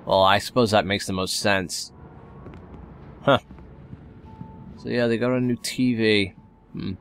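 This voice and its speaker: Slow, low-ish male let's-play host; rambling, wry, faint noise. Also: fairly even intonation, fairly bright tone, soft background music. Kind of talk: casual gameplay commentary.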